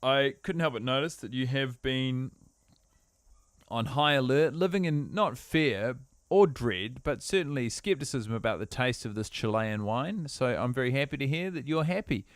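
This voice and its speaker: A man's voice: mid-range voice, lively intonation, normal speed, dry recording. A man co-hosting a podcast, musing in a wordy, dry way during casual banter. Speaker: podcast co-host.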